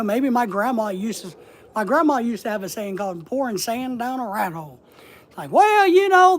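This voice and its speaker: A man's voice: high-pitched, a little hiss or hum. A middle-aged man with a slight Southern accent who coaches online business in a rambling, plainspoken, casual livestream lesson.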